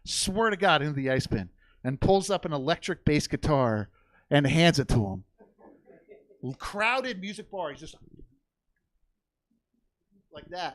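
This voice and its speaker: A man's voice: a little high, animated, unhurried, pauses often, no echo. A young man doing stand-up on a comedy theater stage, telling a rambling, profane story with lots of energy.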